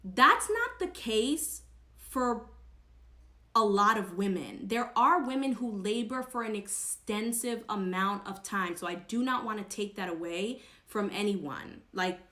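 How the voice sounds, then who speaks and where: A woman's voice: mid-range voice, animated, a little slow, bright, forceful tone. A woman vlogger sharing a personal story to camera in an earnest, emphatic, chatty way. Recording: echoey room.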